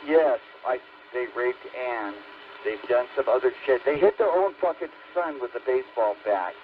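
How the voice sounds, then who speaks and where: A man's voice: mid-range voice, lively intonation, moderate pace, slight background noise. An older man, a ham radio operator, ranting angrily and profanely on the air with threats. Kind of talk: heated on-air argument. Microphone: radio transceiver microphone. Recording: tinny ham radio transmission.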